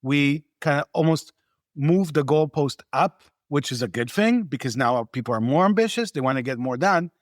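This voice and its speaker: A man's voice: fairly high pitch, lively intonation, moderate pace, no echo, studio quality. A man speaking as a guest on a podcast, telling of his own experience in an emphatic, persuasive way. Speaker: venture capital investor, podcast guest. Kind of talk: casual podcast conversation.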